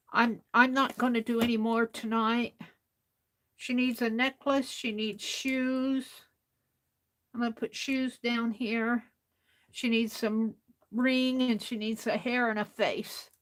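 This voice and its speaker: A tired woman hosting a late-night crafting livestream, talking softly to herself as she works. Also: on the high side, steady tone, takes it slowly. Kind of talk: casual talk while crafting live.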